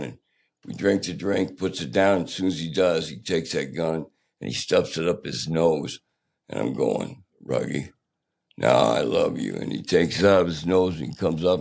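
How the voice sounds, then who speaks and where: An older man, a podcast guest, telling his own story candidly in a plainspoken, halting, rough-edged way. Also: a bass voice, darkish tone.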